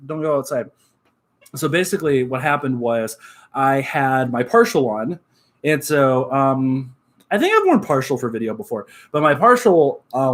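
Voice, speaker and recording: A young man from Texas, chatting casually to his live stream chat and telling a story with many fillers and asides. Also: fairly high pitch. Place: at home.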